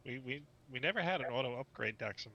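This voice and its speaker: A man on the staff cutting in with quick jokes and remarks during an online meeting over voice chat. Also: mid-range voice, animated, vocal fry, dull audio. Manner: joking, quick interjections. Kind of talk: casual online meeting banter.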